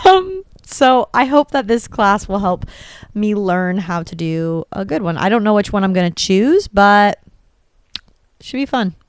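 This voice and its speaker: Smooth-voiced woman chatting casually. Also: mid-range voice, very animated, a little slow, no echo. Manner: chatty, laughs easily, lots of fillers. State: sore neck from character acting. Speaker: podcast co-host. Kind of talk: casual podcast chat.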